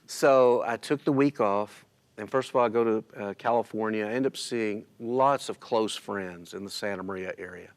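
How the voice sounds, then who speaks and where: In a relaxed interview streamed by his church, a man emotionally recounts a personal loss through tears, quoting himself and others as he goes. He speaks at a moderate pace in a fairly low voice.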